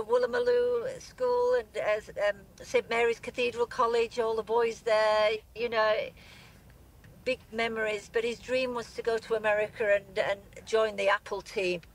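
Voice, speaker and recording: A grieving Englishwoman with an English accent gives a live news interview from a moving car, tearful and halting, her sentences breaking off. Her voice is a little high with little pitch movement, and the audio is poor.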